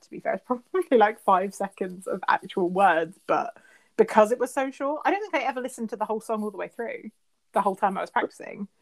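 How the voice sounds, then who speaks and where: A married woman from England co-hosting a podcast over a call, rambling and self-deprecating as she chats. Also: medium pitch. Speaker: podcast co-host. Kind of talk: casual chat. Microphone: remote call.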